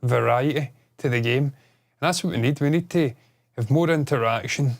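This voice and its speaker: Man, podcast co-host, casual chat, excitable, swears a lot, mid pitch. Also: normal speed, vocal fry.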